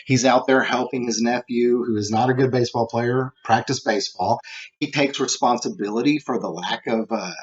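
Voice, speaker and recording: A man teaching a relaxed recorded lesson, talking conversationally, tossing in "okay" and acting out examples. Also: mid-range voice, moderate pace. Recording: dull lo-fi home recording.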